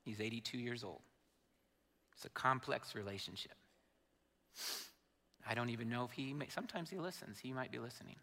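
A man's voice: mid-range voice, brisk, pauses often, bright, forceful tone. A man in his fifties, a pastor telling an emotional personal story in a sermon. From Indiana, USA. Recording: long hall reverb.

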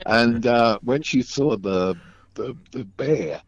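A man from Australia telling anecdotes casually as a guest, animated and acting out the voices of people in his stories. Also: medium pitch, slow pace, dry recording, lo-fi sound. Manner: animated storytelling, acts out voices. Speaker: guest storyteller.

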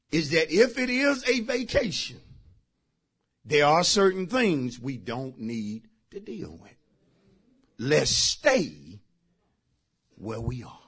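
Pastor, high lively delivery, preaches hard and calls out to the congregation. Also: male voice, takes it slowly, pauses often, breathy edge. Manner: emphatic preaching with sudden shouted bursts; talks directly to the congregation. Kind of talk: sermon.

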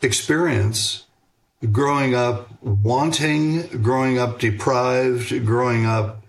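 An older man answering interview questions about raising children in a measured, reflective way, pausing on fillers and restarting sentences. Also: mid-range voice, vocal fry. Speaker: guest author on parenting.

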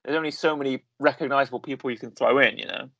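A man's voice: medium pitch, steady tone, quick pace, fairly bright tone, no room sound, muffled recording. Rambling man co-hosting a podcast. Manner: rambling, self-correcting, full of fillers. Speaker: podcast co-host. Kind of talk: casual chat reviewing a series.

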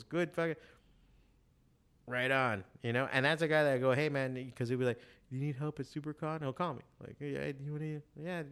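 A man's voice: mid-range voice, vocal fry, clear, resonant tone. A middle-aged man who runs an art shop, talking casually and profanely about passion and drawing. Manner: profane, animated storyteller. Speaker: comic artist and shop owner. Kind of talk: casual podcast chat.

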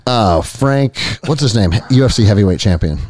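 A man's voice: fairly low pitch, lively intonation, normal speed, darkish tone. A man co-hosting a podcast, bantering bluntly and crudely with frequent laughs. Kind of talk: casual podcast chat.

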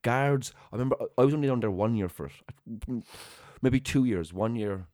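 A young man, hosting a podcast and telling an animated story in casual chat. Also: mid-range voice, normal speed, dry recording, studio quality. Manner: animated anecdote-telling with acted-out quotes and laughter. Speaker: podcast host.

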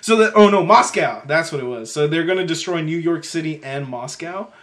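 Jokey, profane man with a slightly high voice. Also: expressive, brisk, a bit bright. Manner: profane, jokey, bursts into laughter. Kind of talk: casual movie review chat.

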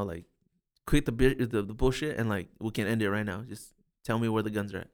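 A man's voice: fairly low pitch, fast. A man guest on a podcast telling a story casually, rambling with lots of fillers and swearing. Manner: rambling, heavy "like" fillers, profane.

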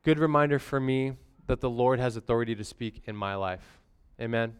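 A man's voice: medium pitch, moderate pace, smooth. A young adult man giving a casual, conversational sermon as a pastor, using slang and frequent "amen?" asides.

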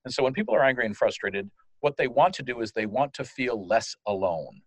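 A man from France, a guest in an interview, explaining in a lively way and acting out the phrases he quotes. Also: medium pitch, fairly quick, dry recording. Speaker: guest, customer service manager. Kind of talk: conversational interview.

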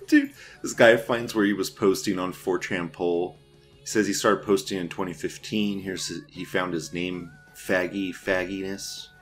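A man with a fairly low voice hosts an online news show, reading forum posts aloud and tearing into them. He swears freely and keeps breaking into laughter as he mocks. Faint music plays underneath him. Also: big pitch swings, unhurried. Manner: laughs often, crude and profane, mocking.

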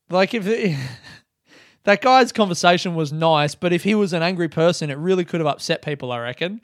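An Australian man rambles through a casual story, swearing freely and getting animated along the way. His voice sits a bit high for a man and comes across smooth and resonant. He is recorded close and dry, with no room sound. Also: a little fast, dry recording. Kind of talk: casual solo monologue.

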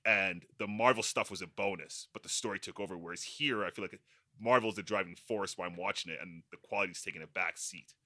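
Bright-toned man critiquing a show. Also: low-pitched, fast talker, no echo, clean studio sound. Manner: animated, laughing critiques with repeated restarts. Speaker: podcast co-host. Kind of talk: casual round-table discussion.

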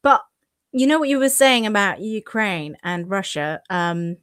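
A woman's voice: medium pitch, animated, unhurried, a bit bright, smooth, dry recording, studio quality. A woman co-hosting a podcast in casual chat, hesitant with many restarts and frequent laughter. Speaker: podcast co-host.

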